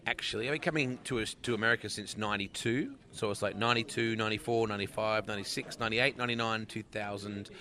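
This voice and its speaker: A man's voice: lowish voice, quick pace, few pauses, sharp tone. A man in his forties with an Australian accent, a race announcer chatting easily and laughing often in an interview. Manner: laughs often, easygoing and jokey. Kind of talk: casual interview chat.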